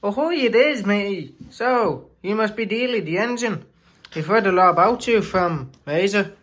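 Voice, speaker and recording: A man's voice: lively intonation, moderate pace, a bit bright. A man voicing a hearty male shed engine that greets others like a pirate. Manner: hearty, raised pitch.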